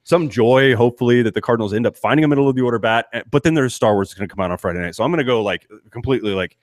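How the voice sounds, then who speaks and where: A man's voice: medium pitch, racing, no room sound, clean studio sound. A middle-aged man co-hosting a sports podcast, ranting in an exasperated way and restarting his sentences often. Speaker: podcast co-host. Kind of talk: casual sports chat.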